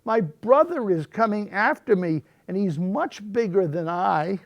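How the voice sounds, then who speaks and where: A man voicing the smallest billy goat, pleading in a small, high voice in a storybook reading. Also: animated, measured pace. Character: tiny timid young billy goat.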